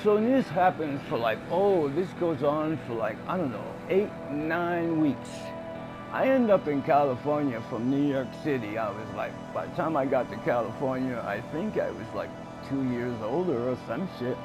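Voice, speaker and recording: A man's voice: mid-range voice, animated, moderate pace. A man playing a video game and telling a rambling, profane tall tale full of fillers. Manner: rambling, profane, fillers, acts out scenes loudly. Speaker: gaming streamer. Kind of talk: tall-tale comedic storytelling over gameplay. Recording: game music underneath. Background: game music.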